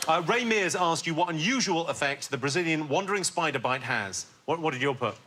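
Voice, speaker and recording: A man's voice: fairly high pitch, animated, fairly quick, noisy background. A man hosting a panel show quiz, dry and teasing as he reads questions and needles the contestants. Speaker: quiz host. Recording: loud studio audience laughter.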